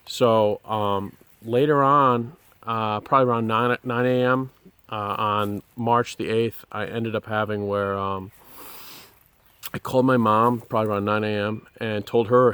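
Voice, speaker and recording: A man sharing a personal testimony, speaking earnestly and haltingly with many pauses and restarts. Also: on the low side, fairly bright tone, clean tone, no room sound.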